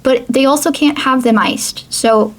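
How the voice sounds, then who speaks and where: Her voice is high and her delivery unhurried. She narrates an educational video in a casual vlog manner, chatting freely, reading out quotes, remarking on them, and breaking into laughter from time to time.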